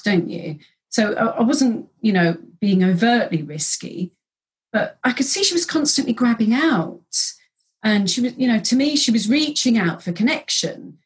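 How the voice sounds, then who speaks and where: A woman massage practitioner and trainer telling an anecdote in an animated way, acting out bits of dialogue. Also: mid-range voice, breathy edge. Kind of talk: anecdotal storytelling.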